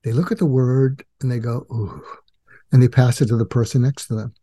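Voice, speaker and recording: A man's voice: medium pitch, fast talker. An older man, a psychiatrist and author, telling stories in a casual interview and acting out the quoted voices. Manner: animated storyteller acting out quoted dialogue.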